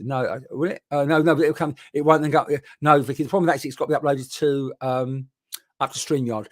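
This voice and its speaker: A man working as a spiritual medium in a live online session, talking in a rambling, chatty way full of restarts, into a boom mic. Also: no room sound, clean studio sound.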